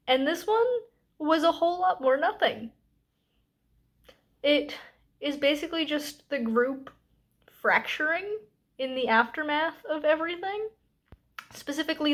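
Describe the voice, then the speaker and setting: A woman with a somewhat high voice chats through a book review vlog. She sounds tired and exasperated, with sarcastic asides and plenty of "like" fillers. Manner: chatty with many "like" fillers. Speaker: book club host.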